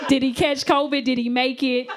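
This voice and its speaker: A young woman performing a stand-up comedy set, animated and acting out the voices of the people in her stories. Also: sits high, moderate pace, over a noisy crowd. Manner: animated, acts out voices of men and friends. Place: comedy stage. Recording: live show with audience laughter.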